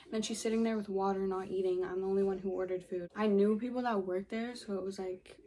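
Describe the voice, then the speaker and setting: Exasperated young woman, mellow voice. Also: medium pitch, fairly even intonation, quick pace, hardly any pauses. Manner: profane, filler-heavy, exasperated. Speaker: vlogger. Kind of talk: casual storytime.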